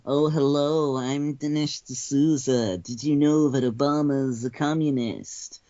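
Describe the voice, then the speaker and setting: A man's voice: medium pitch, fairly even intonation, a little slow, warm tone, dry recording, highs cut off, close to an everyday voice. A man doing a pompous conspiratorial pundit. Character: impression of a pompous male conservative pundit.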